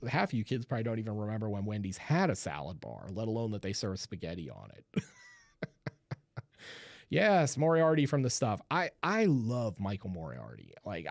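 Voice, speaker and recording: A man's voice: medium pitch, darkish tone, no room sound, clean studio sound. A man hosting a live horror chat show, talking loosely with viewers, laughing often and restarting his sentences. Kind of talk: casual livestream chat.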